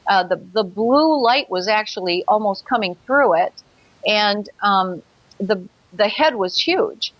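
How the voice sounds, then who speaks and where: A woman's voice: mid-range voice, animated, a little slow, no room sound, muffled recording. A woman telling her own experience as a guest in an interview, earnest, acting out her past thoughts. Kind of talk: personal account in an interview.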